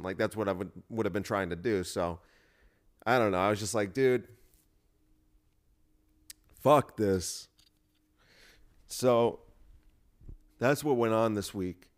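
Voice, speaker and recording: A man hosting a podcast, telling a rambling story in a self-deprecating, casual way, full of restarts and fillers. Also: fairly low pitch. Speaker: podcast host, comedian.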